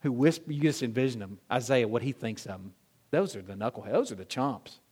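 The pastor speaks fairly quickly, with a breathy edge to his voice. He rattles off rhetorical questions to the congregation, his sermon lurching between loud, emphatic bursts and quiet, low dips.

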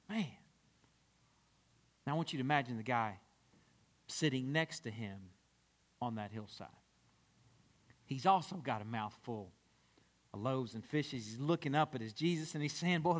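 Man preaching, high voice, very animated, acts out voices in his story. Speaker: pastor. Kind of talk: sermon.

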